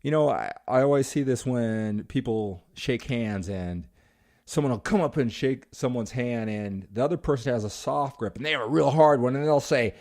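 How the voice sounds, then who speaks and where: A man's voice: medium pitch, normal speed. A man coaching a seminar audience on influence and rapport, acting out short exchanges in different voices. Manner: animated, acts out quoted voices. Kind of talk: motivational seminar talk.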